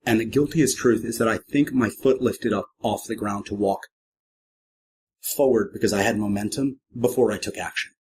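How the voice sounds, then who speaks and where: Wry middle-aged man telling a lively story. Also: moderate pace, slight background noise. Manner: lively, acts out quoted voices with big pitch jumps; self-deprecating, wry humor. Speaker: podcast guest, professional clown. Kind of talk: animated anecdotal storytelling.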